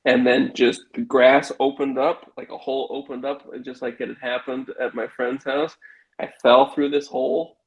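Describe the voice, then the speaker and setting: A middle-aged man telling a wild personal story in casual conversation, animated and acting out the voices of the people in it. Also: medium pitch, moderate pace, gravelly, rough recording. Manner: animated, swearing, acts out quoted voices. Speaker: guest telling a life story.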